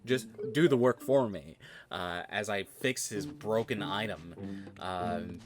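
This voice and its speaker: A man's voice: low-pitched, takes it slowly. A man streaming a video game and chatting casually, rambling, laughing often and swearing freely as he tells stories. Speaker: streamer and tabletop game master. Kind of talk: casual chat while playing a video game. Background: video game music.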